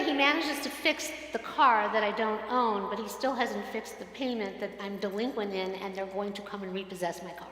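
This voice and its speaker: A woman clergy member tells a long personal story from the pulpit in a slightly high voice, acting out each exchange. The sound is roomy, with a long hall reverb around her. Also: a bit bright. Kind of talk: conversational sermon story. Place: synagogue sanctuary.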